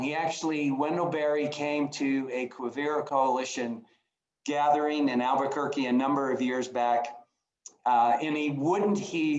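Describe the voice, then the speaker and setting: A man's voice: mid-range voice, darkish tone, roomy sound, lo-fi sound. A man giving a conference talk over a video call, earnest and at times emotional, often restarting phrases. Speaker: conference speaker.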